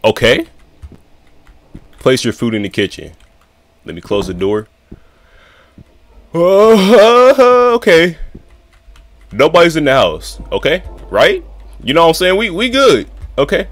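A gaming YouTuber with a sing-song voice plays a horror game, talking viewers through it at normal speed with long pauses and casual, slangy chatter. He reads game dialogue aloud in a lower voice, then reacts loudly.

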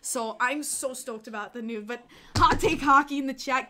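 A woman hosting a casual livestream, excitable and chatty, laughing often and swearing casually. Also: sits high, moderate pace. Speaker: livestream host.

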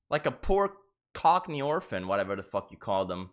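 A male live streamer chatting casually with his viewers, swearing a lot and jumping into shrill outbursts. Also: sing-song, normal speed.

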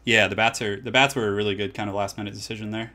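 Relaxed man, game stream chat, easygoing, laughs a lot, loose and rambling. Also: on the low side, very fast. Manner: laid-back, laughs often, trails off. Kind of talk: casual gaming stream chat. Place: home, California.

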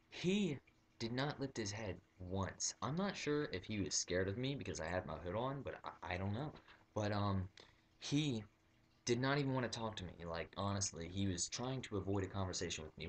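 Brief: low-voiced young guy, rambling comic anecdote, plenty of ums and restarts. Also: animated, brisk, slight background noise. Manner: rambling, full of fillers and restarts. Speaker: vlogger. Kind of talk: comic storytelling.

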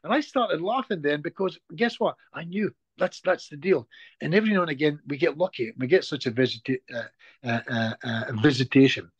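A man's voice: a little high, fairly quick, husky, no room sound, highs cut off. A Scottish man, a hypnotist guest, telling a moving personal story in conversation and repeating words when he gets emotional. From Scotland.

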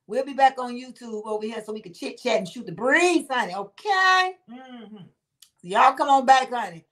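A woman's voice: a little high, animated, normal speed, a bit bright. A woman hosting a casual livestream chat, laughing often and calling her viewers honey and baby. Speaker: livestream host reading viewer comments.

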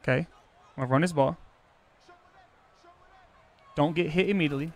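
Brash, high-voiced young man streaming. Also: normal speed. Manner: brash, profane, defensive and boastful. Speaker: streamer playing a football video game. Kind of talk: casual live-stream talk to chat.

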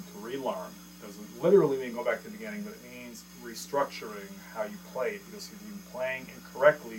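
A man's voice: mid-range voice, a little hiss or hum, rough recording. A man teaching a drum lesson, explaining step by step, counting beats aloud and checking in with the viewer as he goes. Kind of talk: casual video drum lesson. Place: indoor room with electronic drum kit. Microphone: camera mic.

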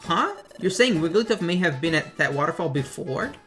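A man voicing an eager young explorer creature who is easily amazed and talks in an excited, wide-eyed way. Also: a little high, moderate pace, faint music behind. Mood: puzzled.

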